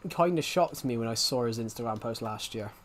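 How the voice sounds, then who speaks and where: A man's voice: medium pitch, a little fast, a little hiss or hum. Rambling young man streaming games. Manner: rambling, frequently restarting sentences. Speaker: game streamer. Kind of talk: casual live-stream chat while playing.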